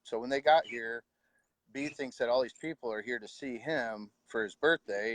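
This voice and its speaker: A middle-aged man, quietly telling his own story of losing his wife, with halting pauses and heartfelt words. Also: medium pitch. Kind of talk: personal storytelling.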